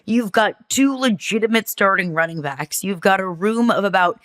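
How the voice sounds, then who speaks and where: A woman's voice: medium pitch, expressive, normal speed, a bit bright. A woman co-hosting a sports show, making dry, wry points and stacking up lists of facts. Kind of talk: analytical sports talk.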